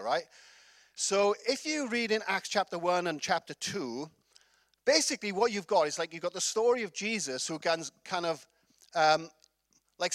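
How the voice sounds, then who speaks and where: Upbeat Welsh pastor with a high voice. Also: male voice, a bit bright, dry recording. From Wales. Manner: chatty, laughing storyteller with many fillers. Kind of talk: sermon.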